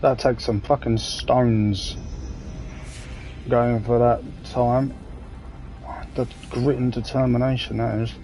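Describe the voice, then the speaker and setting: A man's voice: medium pitch, flat delivery, slow, pauses often, mellow, rough recording. A man in his thirties with an English accent, chatting in a rambling, jokey way while streaming a game and swearing casually. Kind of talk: casual gaming commentary.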